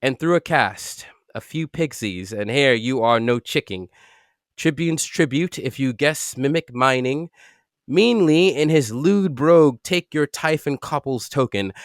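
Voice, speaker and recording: A man's voice: medium pitch, animated, measured pace, dry recording, studio quality. A man cold-reading a dense literary text aloud for a podcast, stumbling over words and chuckling at it.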